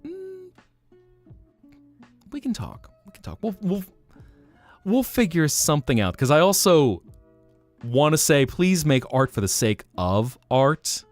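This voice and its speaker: A man hosting a relaxed live stream, chatting with viewers in a soft-spoken, musing way. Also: a little high, slow pace, pauses often, soft background music. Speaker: livestream host.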